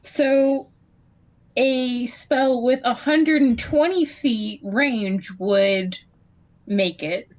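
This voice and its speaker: A woman's voice: on the high side, extremely slow, poor audio. Wary woman player reading out spells. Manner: reads spell rules out, blunt and wary. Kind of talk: casual tabletop game play.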